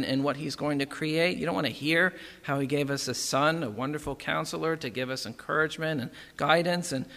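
Male preacher, conversational sermon, bright tense tone, reverberant hall. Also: on the high side, creaky. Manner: conversational, frequent "right?" and "okay".

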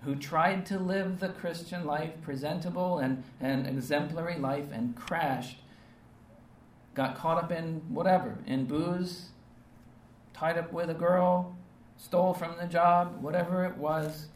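A man's voice: fairly high pitch, steady tone, measured pace, a little hiss or hum. A man preaching a sermon in an earnest, emphatic way, often checking in with his listeners through short rhetorical questions. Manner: earnest, emphatic, with frequent rhetorical "right?" and "okay?" tags. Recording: roomy, distant mic with faint ambience.

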